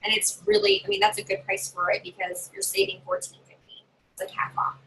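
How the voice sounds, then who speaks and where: A woman giving chatty, animated tips as a direct sales consultant in a casual live video. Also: a little fast, gravelly, slight background noise, rough recording. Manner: chatty, animated, acts out customers in higher voices.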